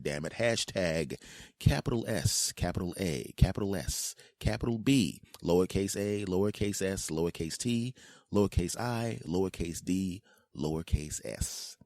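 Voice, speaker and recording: A man in his forties riffs on his podcast in a loose, jokey monologue that wanders as he goes. His voice sits very low and deep. The sound is dry and close on the microphone. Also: animated, normal speed, darkish tone, no room sound. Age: 40s. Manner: playful, rambling, jokey asides. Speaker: podcast host. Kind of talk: casual comedic monologue.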